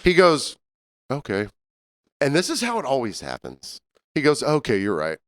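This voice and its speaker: Lively man telling a bar story. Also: medium pitch, moderate pace, no echo, clean studio sound. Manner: animated, laughing storyteller, acts out voices. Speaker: podcast co-host and bartender. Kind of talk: casual storytelling chat.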